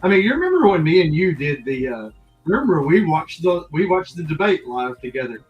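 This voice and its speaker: A man's voice: fairly high pitch, big pitch swings, a little fast, highs cut off, soft background music. A man who is a military veteran, telling crude stories and laughing on a casual podcast.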